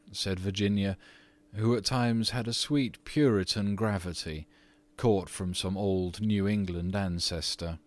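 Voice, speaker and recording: A man narrating a classic story as an audiobook reader, calm and measured. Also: low-pitched, dry recording.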